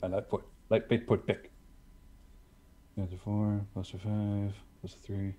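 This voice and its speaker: Dude at a tabletop game, upbeat, jokey, counting out dice rolls. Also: male voice, fairly low pitch, little pitch movement, a little slow, warm tone. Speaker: player. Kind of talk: casual tabletop game play.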